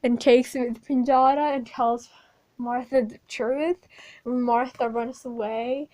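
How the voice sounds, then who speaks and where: High-voiced woman recapping casually. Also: fairly even intonation, slow pace, mellow, rough recording. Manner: rambling, informal, swears, many fillers. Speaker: video creator. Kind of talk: casual plot recap over a speedpaint.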